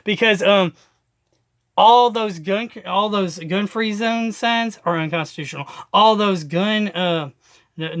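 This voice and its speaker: A man's voice: high voice, a little slow, a bit bright. A man hosting a video and delivering an emphatic, profane political rant full of repeated slogans. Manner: emphatic, profane, repetitive ranting. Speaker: video host.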